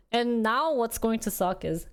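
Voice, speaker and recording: A young woman chatting casually on a livestream, rambling with frequent laughs and a voice going a little hoarse. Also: a little high. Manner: chatty, rambling, laughs often, quotes family in lively bursts. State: losing her voice. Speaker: streamer.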